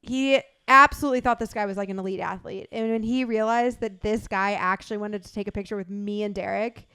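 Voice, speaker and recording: Young woman, podcast co-host, animated storytelling, smooth clear voice. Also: mid-range voice, a little fast, dry recording, clean studio sound. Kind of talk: casual storytelling chat.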